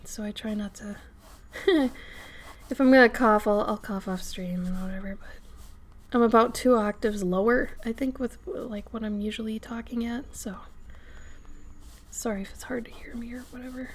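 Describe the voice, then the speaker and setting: A hoarse woman, getting over an illness, chatting casually on a live stream while she draws; her voice crackles and she often drifts into soft whispers, speaking right up close to the mic. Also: a little high, normal speed. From Minnesota. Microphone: microphone close to the face.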